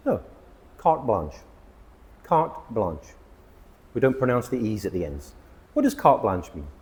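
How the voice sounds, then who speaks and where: A man teaching English vocabulary to camera, excitable, stressing and repeating words as he explains them. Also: mid-range voice, in a large hall. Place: outdoors near palm trees.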